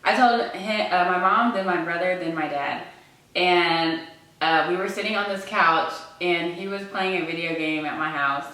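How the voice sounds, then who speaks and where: A woman's voice: on the low side, normal speed, sharp tone, distant mic. A young woman co-hosting a vlog, chatting casually and restarting her sentences as she goes. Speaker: vlog co-host. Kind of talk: casual storytelling to camera. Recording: echoey room, away from mic.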